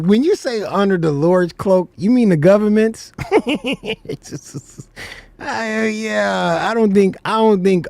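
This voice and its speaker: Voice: mid-range voice, a little mellow, no echo. A reaction stream host giving casual, mocking commentary and laughing often.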